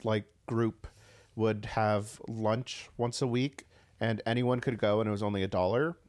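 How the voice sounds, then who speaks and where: A man from Phoenix talks casually as a podcast guest. His voice sits fairly low, and his asides are relaxed and unhurried. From Phoenix, Arizona. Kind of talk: casual chat.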